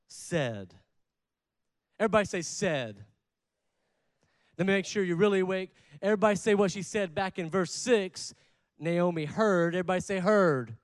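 A man preaching a sermon, leading the congregation in call-and-response and swinging between loud stresses and quiet asides. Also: high voice, no room sound. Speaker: pastor.

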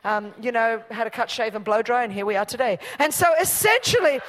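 A middle-aged woman preaching a sermon, joking and storytelling, dropping to a hush and then building up loud. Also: a little high, a little fast, long reverb tail, a little hiss or hum. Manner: animated, humorous storytelling with swings from hushed to loud.

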